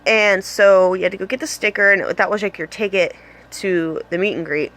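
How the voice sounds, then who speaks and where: A woman's voice: medium pitch, steady tone, moderate pace, fairly bright tone. Giggly, rambling young woman vlogger. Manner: bubbly, rambling, giggly, lots of "like" and "um". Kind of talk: casual storytelling vlog. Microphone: phone camera.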